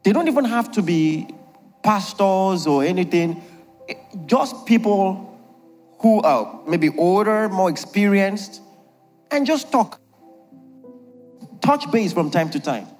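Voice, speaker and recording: A man's voice: high voice, animated, takes it slowly, long pauses, darkish tone, long reverb tail, faint music behind. A man preaching a humorous sermon on marriage, jokey and emphatic, laughing often at his own lines.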